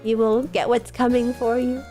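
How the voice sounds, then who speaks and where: A woman's voice: a little high, little pitch movement, normal speed. Stuffy-nosed young woman streamer rambling. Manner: rambling, filler-heavy, giggly. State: stuffed-up nose from a cold. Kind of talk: casual late-night stream chat. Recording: soft music behind.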